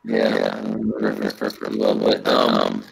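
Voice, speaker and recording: A man's voice: a bass voice, flat delivery, normal speed, vocal fry, slightly rough. A man chatting as a guest over a video call, his audio glitching into a robotic sound, agreeing and trailing off. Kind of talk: casual interview chat.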